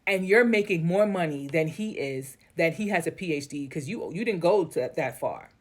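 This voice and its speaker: A woman's voice: lowish voice, animated, normal speed. A woman reading an online post aloud and breaking off into blunt, candid commentary, swearing freely. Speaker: story reader and commentator.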